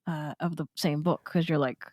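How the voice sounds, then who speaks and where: Chatty woman co-hosting, lowish voice. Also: steady tone, normal speed, darkish tone, no room sound, clean studio sound. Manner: chatty, hesitant, laughs often. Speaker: podcast co-host. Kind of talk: casual panel discussion.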